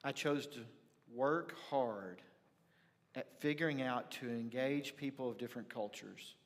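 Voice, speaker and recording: A man preaching a sermon as the church's pastor, telling a personal story with reflective pauses. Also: medium pitch. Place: church sanctuary. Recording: church livestream with long hall reverb.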